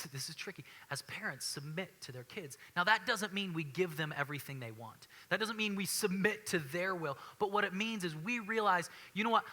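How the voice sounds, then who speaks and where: A man's voice: high-pitched, bright, forceful tone. A man in his thirties preaching a sermon in a church, conversational and earnest, often restarting and repeating phrases. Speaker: pastor. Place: church sanctuary.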